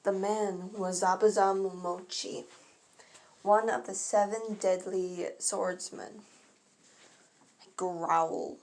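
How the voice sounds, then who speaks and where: A woman's voice: medium pitch, fairly even intonation, slow pace, long pauses, darkish tone. A woman casually reading her own first-person fan story aloud. She often stumbles and corrects herself mid-sentence.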